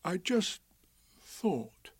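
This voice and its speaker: Sleepy slow bear voice, man reading, soft and dreamy, takes his time. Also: high-pitched, big pitch swings, breathy edge, dry recording, pitched above the performer's own voice, heavily acted.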